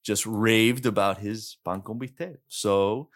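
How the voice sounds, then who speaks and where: A man's voice: fairly low pitch, fairly even intonation, slow. Chatty middle-aged man hosting a podcast. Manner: chatty, loose, peppered with "like" and "bro". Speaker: podcast host. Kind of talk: casual chat.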